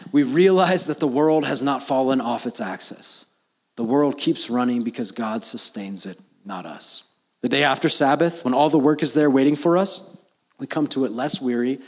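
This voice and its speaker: Storytelling male pastor, soft to emphatic. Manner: storytelling, rising to emphatic peaks then dropping soft and low. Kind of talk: sermon.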